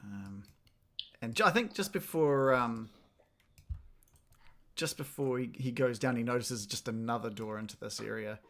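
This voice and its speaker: A man with a New Zealand accent playing a tabletop game, thoughtful and pausing with ums as he plans his moves. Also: medium pitch, fairly bright tone. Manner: thoughtful, filling gaps with ums. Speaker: player. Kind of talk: casual tabletop play.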